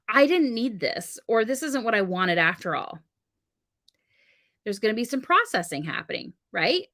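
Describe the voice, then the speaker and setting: A woman co-hosting a casual live-stream conversation, telling animated stories and acting out the exchanges she describes. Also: medium pitch. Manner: animated storytelling, acts out quoted exchanges. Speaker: podcast co-host and wedding officiant. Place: home studio on a live stream.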